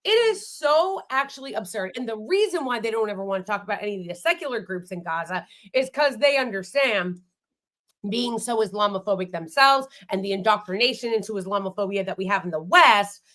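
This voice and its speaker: A woman's voice: medium pitch, expressive, fairly quick, fairly bright tone. An American woman hosting a casual political chat, blunt and heated, swearing freely. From United States. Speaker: host.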